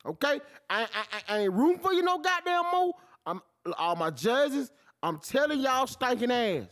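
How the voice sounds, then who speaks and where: A man, hosting his own podcast and ranting about sports in an animated, profane style. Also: unhurried. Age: 40s. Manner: animated, swings from low mutter to loud outbursts, heavy cursing. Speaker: podcast host. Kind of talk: profane solo sports rant.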